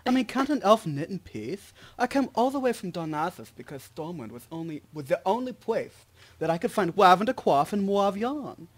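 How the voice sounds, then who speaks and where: A man's voice: high-pitched, sing-song, normal speed. A man voicing a fussy male elf who knits, in a prissy, indignant manner.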